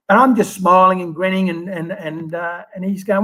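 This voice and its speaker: A man in his fifties with an Australian accent, telling stories in a relaxed interview with lots of fillers and restarts. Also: high-pitched, moderate pace, hardly any pauses, rough recording. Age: 50s. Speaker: guest, former Olympic swimmer. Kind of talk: casual interview storytelling.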